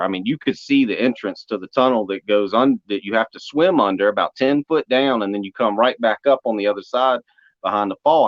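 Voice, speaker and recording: A young man telling a spiritual testimony story, animated and acting out the voices he quotes. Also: mid-range voice, no echo. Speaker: speaker giving testimony. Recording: dry, dull lo-fi audio.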